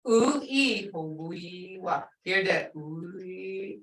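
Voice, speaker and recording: Slow, patient older woman teaching. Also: medium pitch, expressive, a bit bright. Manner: patient, drawing out words to model pronunciation. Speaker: language teacher. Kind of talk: online language class. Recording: roomy sound from far off the mic.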